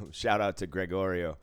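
A man from Boston with a Boston accent, telling profane, animated stories in casual chat about dealing casino games. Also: low voice, slow, clean tone, no echo. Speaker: casino dealer, podcast co-host.

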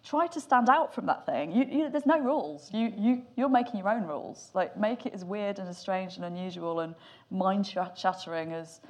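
A woman's voice: medium pitch, normal speed. A woman speaking as a guest filmmaker on a panel in front of a live audience. She talks openly and with energy and swears now and then. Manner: candid, animated, swears casually. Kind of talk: panel discussion.

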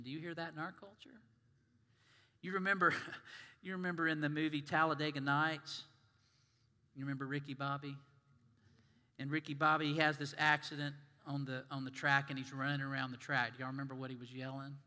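A male minister preaches in a church sanctuary, with a forceful voice pitched slightly high. He talks conversationally and puts questions to the congregation. A long church reverb follows his words. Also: steady tone, normal speed. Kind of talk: sermon.

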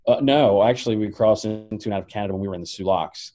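A middle-aged man co-hosting a podcast, telling a travel story in an animated way and laughing often. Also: lowish voice, racing. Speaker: podcast co-host. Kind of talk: casual chat.

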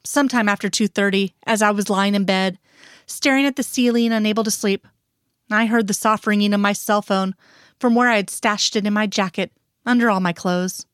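A woman reads a first-person story aloud at a steady, measured pace. Her voice sits in a middle register. The recording is dry and close. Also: mid-range voice, clear, resonant tone, no room sound. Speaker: reader. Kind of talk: first-person fiction reading.

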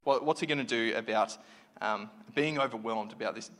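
A man delivers a sermon in a talky, reflective way, often pausing and restarting his sentences. His voice sits at an ordinary middle pitch. It echoes with a long reverb through a church hall. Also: fairly bright tone. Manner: conversational, reflective, with many fillers and restarts. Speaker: preacher.

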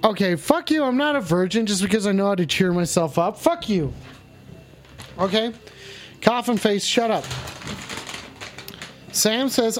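A man's voice: sits high, lively intonation, measured pace, pauses often, a little hiss or hum. A man hosting a comedic livestream, swearing through exaggerated mock outrage at his chat. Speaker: livestream show host.

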